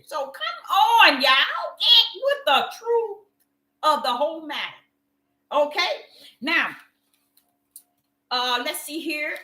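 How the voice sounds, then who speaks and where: A woman's voice: high-pitched, bright, forceful tone, echoey room. A woman preaching a sermon with passion, repeating phrases and calling her listeners y'all. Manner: impassioned, repetitive, addresses listeners as y'all.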